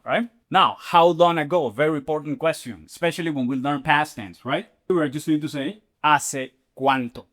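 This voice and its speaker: A man teaching in an online lesson, lively and repetitive, checking in with "okay?" and "right?" after most points. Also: fairly high pitch. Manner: animated, repeats "okay?" and "right?" often. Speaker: Spanish teacher.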